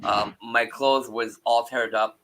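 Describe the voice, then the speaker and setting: A middle-aged man hosting a paranormal chat, telling a personal story in a halting way with many restarts. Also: medium pitch, steady tone, a bit bright, low-quality recording. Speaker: paranormal show host. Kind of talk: casual storytelling.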